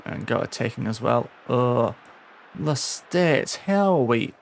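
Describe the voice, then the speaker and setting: A man's voice: mid-range voice, expressive, slow, gravelly, a little hiss or hum. A young man streaming a football management game, talking casually and scolding his virtual players in exasperation. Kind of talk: casual live-stream commentary.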